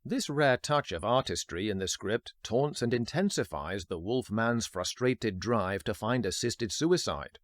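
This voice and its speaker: Low, dry-voiced man narrating scripted commentary. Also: animated, unhurried, hardly any pauses, no echo. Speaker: film history podcast host.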